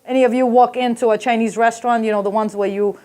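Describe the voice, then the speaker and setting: Woman, stand-up comedian, brash, profane, high voice, character voices. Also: steady tone, quick pace, a little mellow.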